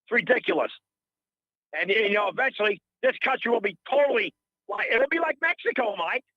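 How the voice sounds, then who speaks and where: A man's voice: very high voice, animated, fairly quick, dry recording, lo-fi sound. A middle-aged man calling in to a radio show, ranting in a heated, rambling, indignant way and repeating himself. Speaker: caller. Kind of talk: heated call-in rant.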